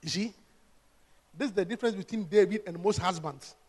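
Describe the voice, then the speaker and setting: A man preaching a sermon, animated and acting out scenes in different voices. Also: high-pitched, a little fast, slightly rough, long reverb tail. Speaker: pastor.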